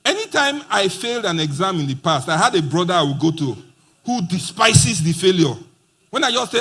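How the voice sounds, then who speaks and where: A man's voice: high-pitched, big pitch swings, brisk, a bit bright, slightly rough. A man giving a playful motivational talk at a conference, acting out quoted dialogue. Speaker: conference speaker. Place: conference hall.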